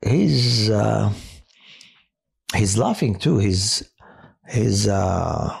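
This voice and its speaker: A man who works as a hospital chaplain tells personal stories in a halting way, with many restarts and fillers. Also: on the low side, expressive, creaky, slightly rough. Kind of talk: personal testimony on a podcast.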